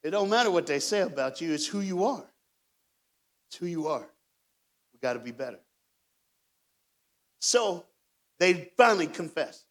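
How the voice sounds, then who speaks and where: A man from Knoxville, preaching a storytelling sermon as a guest speaker, swinging from hushed lines to near shouts. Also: fairly high pitch, animated, moderate pace, pauses often. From Knoxville, Tennessee.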